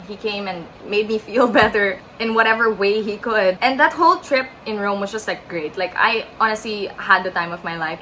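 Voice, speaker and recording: A woman's voice: medium pitch, sharp tone, a little hiss or hum, rough recording. A young woman from the Philippines with a Filipino accent, telling a storytime vlog in a chatty way, full of likes, acting out what others said. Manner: chatty, many likes, acts out quotes. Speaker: vlogger.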